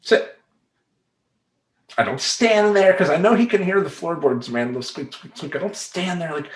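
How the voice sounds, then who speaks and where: A man's voice: fairly high pitch, big pitch swings, normal speed, pauses often. A middle-aged man coaching in a casual, emphatic vlog monologue full of streetwise slang. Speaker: life coach. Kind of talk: talking-head vlog monologue. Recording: roomy echoey room.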